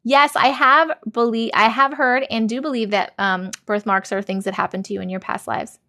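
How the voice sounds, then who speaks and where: A woman's voice sitting a little higher than most, bubbly and effusive as she hosts a casual live stream. She reads comments aloud and answers viewers directly, in a loose, chatty way. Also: steady tone, normal speed, pushed and bright.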